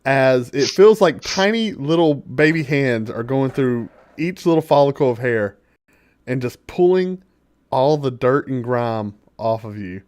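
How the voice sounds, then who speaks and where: A man's voice: medium pitch, lively intonation, unhurried, a little mellow, no room sound. A man narrating as dungeon master, rambling through descriptions with many fillers and chuckles. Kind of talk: narrating a tabletop game.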